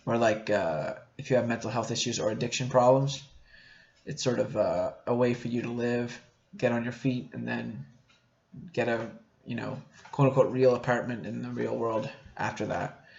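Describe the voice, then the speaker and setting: A man's voice: mid-range voice, moderate pace, gravelly, a little mellow. A young man rambling crudely and mocking himself, with many fillers, in a solo podcast monologue recorded on a camera mic in a small room at home. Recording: echoey room, dull lo-fi camera audio, faint noise.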